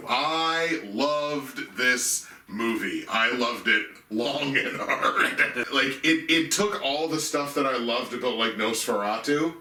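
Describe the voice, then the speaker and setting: A man's voice: medium pitch, expressive, takes it slowly, pushed and bright. A man co-hosting a movie podcast, ranking his favorite films with open enthusiasm. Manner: enthusiastic, laughs while talking. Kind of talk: casual film review chat. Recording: echoey room, mic at a distance.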